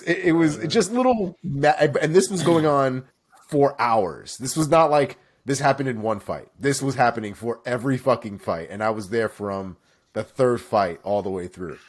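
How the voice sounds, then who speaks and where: A man from Florida co-hosting a casual chat, telling stories with lively swearing. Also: medium pitch, unhurried. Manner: animated storytelling with swearing. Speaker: co-host.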